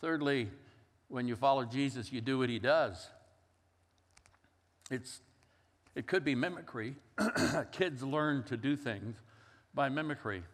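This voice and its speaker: Older preacher in a reverberant hall. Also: male voice, mid-range voice, slow pace, long pauses. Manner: storytelling, conversational with acted-out quotes. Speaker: pastor. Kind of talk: sermon.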